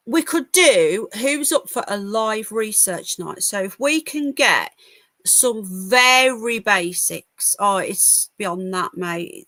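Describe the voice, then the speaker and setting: A woman's voice: medium pitch, bright, forceful tone, no echo. A woman hosting a casual livestream from home, reading news aloud and answering chat comments with wry asides and stumbles. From United Kingdom. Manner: chatty, wry asides, stumbles over words while reading. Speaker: livestream host.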